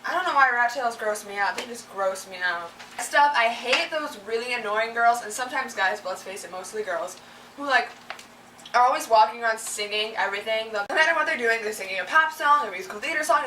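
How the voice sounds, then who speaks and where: Chatty and fed up, this young vlogger vents about her irritations and mimics the people in her stories. She sounds a little high, animated and fairly quick, heard against a noisy background in a roomy setup slightly away from the mic.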